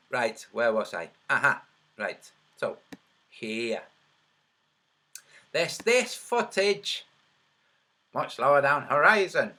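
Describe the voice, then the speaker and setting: A man making online videos, talking over his screen and counting out loud as he argues his point, his voice a little trembly. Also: medium pitch, lively intonation, takes it slowly, long pauses. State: slightly trembly voice. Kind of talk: screen-share commentary.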